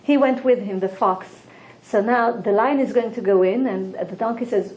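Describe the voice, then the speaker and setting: A woman teaching a Torah lesson, who tells a story in an animated way and laughs as she goes. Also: a little high, moderate pace. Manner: animated, laughs while telling. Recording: echoey room.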